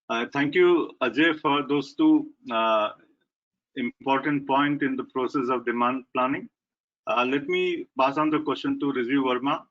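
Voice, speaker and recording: A man's voice: medium pitch, fairly bright tone. A man moderating a panel discussion over a video call, polite and hesitant with fillers. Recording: muffled video call audio.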